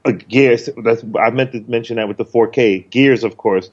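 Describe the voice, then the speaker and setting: A man's voice: medium pitch, moderate pace, a little mellow, slightly rough, highs cut off. A man co-hosting a podcast, talking loosely and rambling with lots of ums and casual swearing. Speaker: podcast co-host.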